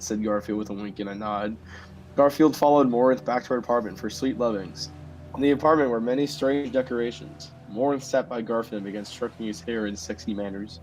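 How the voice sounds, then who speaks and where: A man hosting a podcast, reading comedic fan fiction in a deadpan way with bursts of laughter. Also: fairly low pitch, a little fast, soft background music, rough recording. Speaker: podcast host.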